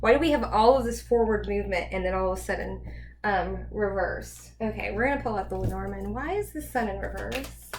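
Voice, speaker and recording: A woman's voice: mid-range voice, brisk, darkish tone, slight background noise. A woman giving a casual tarot reading, chatty and rambling as she thinks aloud. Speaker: tarot reader.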